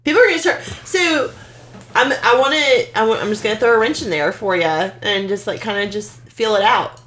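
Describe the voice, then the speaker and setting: A woman's voice: medium pitch, fairly bright tone. Blunt, swearing woman co-host. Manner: blunt, quick, swearing banter. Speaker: podcast co-host. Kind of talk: casual chat.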